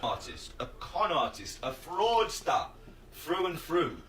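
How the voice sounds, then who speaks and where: A man's voice: on the high side, big pitch swings, takes it slowly, fairly bright tone. A man ranting in a phone video, aggrieved and accusing someone. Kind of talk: phone video call-out rant. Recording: distant phone video with faint noise.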